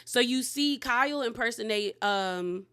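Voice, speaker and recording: Brief: woman recap host, blunt and slangy, fairly high, bright and forceful voice. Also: measured pace, clear, resonant tone. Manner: candid, slangy, emphatic. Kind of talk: casual commentary.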